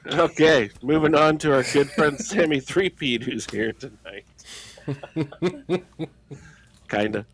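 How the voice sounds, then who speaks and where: A man's voice: fairly high pitch, slow pace, pauses often. A man hosting a live stream from a studio, joking with co-hosts and greeting the chat by name. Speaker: host. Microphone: studio mic.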